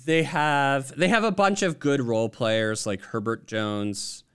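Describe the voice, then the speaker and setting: A man chatting about basketball, laying out his opinions step by step with the odd filler. His voice is smooth and resonant. He sits at a medium pitch and talks at an easy pace. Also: fairly even intonation, unhurried. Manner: conversational, reasoned takes with fillers. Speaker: podcast guest fan. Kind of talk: casual chat.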